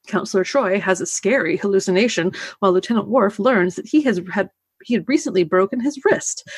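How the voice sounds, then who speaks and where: A woman co-hosts a casual podcast, easing in with plenty of fillers as she sums up a TV episode. Her voice sits mid-pitch, and the recording is dry with no room sound. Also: slightly rough, no echo. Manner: relaxed, uses fillers like "um" and "like". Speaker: podcast co-host.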